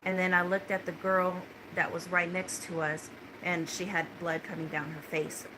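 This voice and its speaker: A woman's voice: fairly low pitch, little pitch movement, normal speed, background noise. A woman telling a story on her phone with many fillers and restarts, speaking in an urgent way. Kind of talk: casual spoken account to a phone. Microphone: phone held close.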